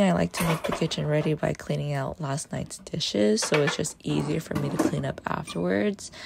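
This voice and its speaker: A woman talks through her day in a relaxed, chatty vlog voice-over, poking fun at herself as she goes. Her voice is low and heavy with vocal fry, rough and gravelly from just waking up. She speaks as a dietitian sharing her routine in easy, everyday speech. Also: background noise. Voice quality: gravelly morning voice. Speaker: dietitian vlogger. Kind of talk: casual day-in-the-life voice-over.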